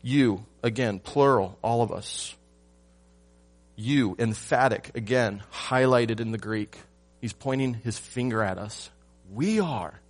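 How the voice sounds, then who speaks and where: A man preaching a sermon to his church, asking rhetorical questions and swinging from loud emphasis to hushed lines. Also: medium pitch, slow pace. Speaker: pastor.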